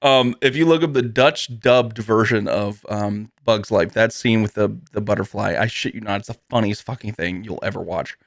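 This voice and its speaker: A man's voice: lowish voice, moderate pace, few pauses, no echo, clean studio sound. A man hosting a casual podcast, rambling through asides with frequent laughter and casual swearing. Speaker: podcast host.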